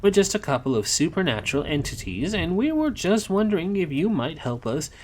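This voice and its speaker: Man reading a sly sarcastic male demon, snappy, a touch high at times, storybook read-aloud. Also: very animated, fairly quick, slight background noise.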